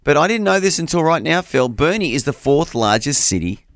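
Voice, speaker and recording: A man's voice: on the high side, very animated, fairly quick, dry recording, clean studio sound. A man co-hosting a breakfast radio show, chatting with enthusiasm. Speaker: radio co-host. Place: radio studio. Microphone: studio microphone.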